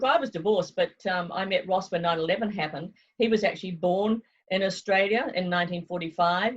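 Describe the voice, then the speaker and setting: A woman's voice: fairly low pitch, a bit bright, highs cut off. A woman from New Zealand with a New Zealand accent, talking frankly in a remote interview. She is chatty and laughs often. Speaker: travel agency owner. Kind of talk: remote interview, casual chat. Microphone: video call.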